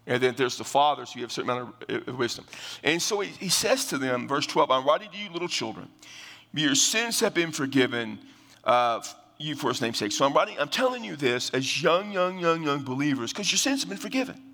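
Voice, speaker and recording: A man's voice: fairly high pitch, very animated, brisk, bright, forceful tone. An older man preaching a sermon, explaining scripture in a conversational way, often restarting phrases and using fillers. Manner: conversational Bible teaching with frequent restarts and fillers. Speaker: pastor. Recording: long hall reverb.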